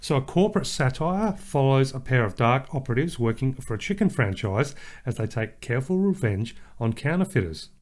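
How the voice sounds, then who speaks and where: A man's voice: medium pitch, sing-song, brisk, hardly any pauses, a little mellow. An Australian man co-hosting a podcast, chatting casually and rambling with fillers and restarts. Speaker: podcast co-host. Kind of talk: casual chat.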